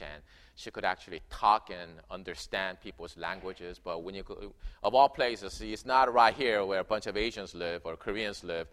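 A man preaching a sermon in a church, telling a story with animated swings between loud emphasis and quiet narration. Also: low-pitched. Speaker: pastor. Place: church sanctuary.

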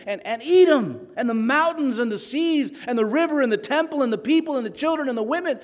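A man preaching a sermon dramatically, dropping to a hush and then rising loud, and arguing with imagined listeners. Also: extremely high pitch, animated, fast, hardly any pauses. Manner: dramatic, swings between hushed and loud. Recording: long hall reverb.

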